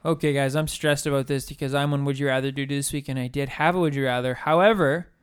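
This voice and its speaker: Jokey man with a smooth voice. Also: mid-range voice, steady tone, fast. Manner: jokey, laughs often, mock-stressed. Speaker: podcast co-host. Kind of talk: casual chat.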